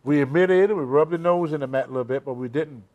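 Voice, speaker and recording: A man's voice: on the high side, quick pace, darkish tone, dull audio. An older man, a senior citizen, telling emphatic, rambling stories with loose grammar as an interview guest. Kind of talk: shoot interview storytelling.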